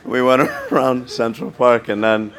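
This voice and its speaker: A man with a deep voice, a guest telling stories in a halting, self-deprecating way. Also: flat delivery, fairly bright tone. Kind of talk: casual chat.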